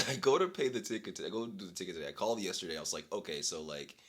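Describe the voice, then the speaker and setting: Deep, lively young man telling a rant. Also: rapid-fire. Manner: animated, exasperated, breaks into laughter. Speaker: vlogger. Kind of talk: casual storytelling rant.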